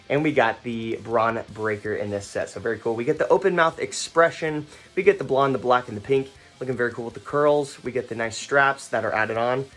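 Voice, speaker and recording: Young male host, casual collector review, rambling, stuttery, lots of ums, mid pitch. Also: fairly bright tone. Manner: rambling with many fillers and restarts. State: stuttering, foggy after a fight. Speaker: toy collector reviewing action figures.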